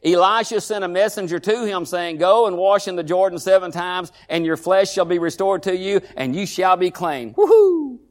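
Preacher guy, pretty high voice, keeps going "huh?" and "listen to me" at the crowd. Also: moderate pace, few pauses. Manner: preaching with call-and-response asides, repeated "huh?" and "listen". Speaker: pastor. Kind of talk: sermon.

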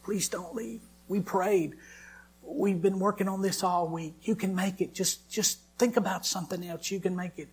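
A man's voice: high voice, steady tone, normal speed, husky, pitched above the performer's own voice. A man putting on his young wife's voice as she urgently coaxes her husband to stay. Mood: pleading. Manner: urgent, coaxing pleas. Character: young wife pleading gently with her husband.

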